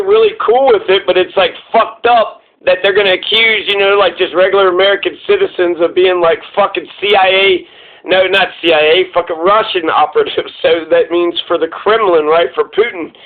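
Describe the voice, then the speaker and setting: A man giving casual reaction commentary, sarcastic, profane and rambling. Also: high-pitched. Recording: tinny phone-like sound.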